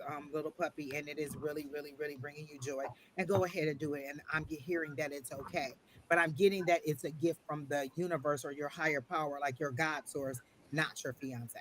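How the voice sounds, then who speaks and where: A man gives a live online tarot reading in a gentle, reassuring way and often circles back over the same phrases. His voice sits a little high for a man. A faint hiss of noise runs underneath. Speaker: tarot reader and psychic.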